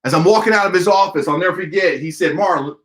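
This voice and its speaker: A man's voice: high voice, quick pace. A man giving a motivational talk, telling a story animatedly and speaking directly to his listeners. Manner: animated, acts out dialogue, addresses listeners directly. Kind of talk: motivational storytelling to an online audience.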